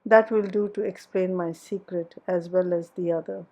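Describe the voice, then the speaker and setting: A headstrong young woman in love pours out her heart in an audiobook of a classic novel, as a woman reader voices her. Her voice sits low and stays fairly flat, with a warm, mellow tone. The delivery is earnest and impassioned, like a confession. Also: moderate pace, dull audio.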